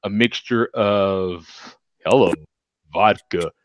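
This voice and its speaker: A man's voice: fairly low pitch, takes it slowly, dry recording. A man hosting a casual beer chat show, talking loosely and chuckling as he rambles. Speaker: host.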